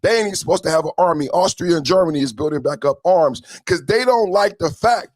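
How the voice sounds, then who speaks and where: A man hosting a podcast, giving heated, profane political commentary and often shouting. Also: a little high, lively intonation, quick pace, no room sound. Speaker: podcast host.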